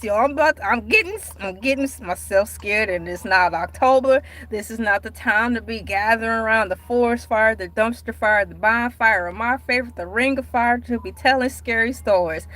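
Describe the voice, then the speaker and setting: A woman chatting casually on her livestream, animated and dramatic, with sudden cries and mock outrage. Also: on the high side. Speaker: livestream host.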